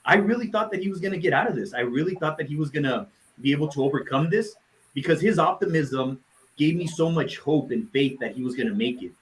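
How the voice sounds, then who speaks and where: Halting, heartfelt man remembering a friend. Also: a little high, lively intonation, low-quality recording. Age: adult, parent of a nine-year-old. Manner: heartfelt, halting with many restarts and fillers. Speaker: tribute speaker. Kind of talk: live session remembrance.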